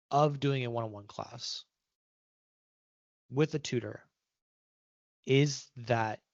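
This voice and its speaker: A man's voice: mid-range voice, no echo, muffled recording. A man giving an interview, talking casually with restarts and "right?" tags. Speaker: guest.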